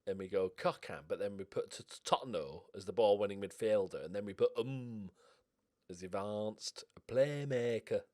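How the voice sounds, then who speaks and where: A man giving casual gaming commentary as a streamer, getting excited and swearing as he cheers on his team. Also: fairly low pitch, moderate pace. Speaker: game streamer.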